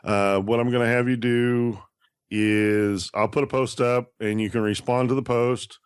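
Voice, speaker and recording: A man's voice: medium pitch, fairly even intonation, unhurried, clean tone, no room sound, studio quality. A man co-hosting a gaming podcast, talking casually and restarting his sentences often. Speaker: podcast co-host.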